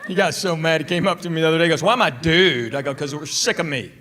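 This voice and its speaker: A middle-aged man doing a stand-up comedy routine on a theater stage, telling deadpan stories and chatting with the audience. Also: fairly high pitch, quick pace. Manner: deadpan storytelling with crowd work. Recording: live show with loud crowd and noise. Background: loud audience laughter.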